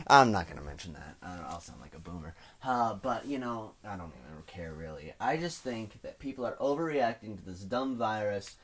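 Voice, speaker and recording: A teenage man hosting a solo podcast from home, rambling and self-mocking, his voice swinging between loud bursts and mumbles. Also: lowish voice, expressive, a little fast, few pauses. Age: teens. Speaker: podcast host. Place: at home indoors.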